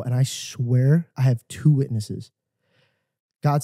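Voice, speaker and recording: Earnest man with a dark, dry voice. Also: mid-range voice, measured pace, no room sound. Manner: earnest storytelling, acting out quoted dialogue, says "bro" often. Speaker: podcast co-host. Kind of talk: casual podcast chat.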